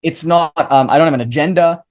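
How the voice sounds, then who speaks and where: A man, a philosopher guest in an interview, telling a parable in an earnest, animated way and speaking with firm conviction. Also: fairly high pitch, fast talker. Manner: convinced, emphatic. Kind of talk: storytelling interview talk.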